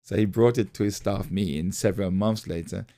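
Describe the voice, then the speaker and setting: Male pastor, middle-aged, low and gravelly, mellow tone, storytelling sermon delivery. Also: steady tone, fairly quick. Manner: storytelling, repeats phrases, acts out quoted voices. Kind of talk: motivational sermon talk.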